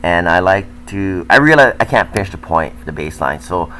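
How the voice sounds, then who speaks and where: A man's voice: low voice, lively intonation, fairly quick, pushed and bright, slight background noise, low-quality recording. An older man, a tennis coach, talking candidly and self-critically as he comments over footage of his own match.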